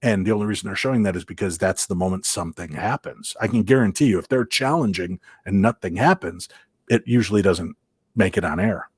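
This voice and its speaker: A man from Minnesota telling paranormal investigation stories as an interview guest, animated and acting out quoted voices. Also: low-pitched, fairly quick, slightly rough, dry recording, clean studio sound. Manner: lively, acts out quoted voices, many restarts.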